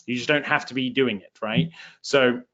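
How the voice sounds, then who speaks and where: A man's voice: mid-range voice, steady tone, normal speed, fairly bright tone, lo-fi sound. A man with a southern English accent hosting a live webinar for his online course, chatty and self-deprecating, with lots of fillers. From England.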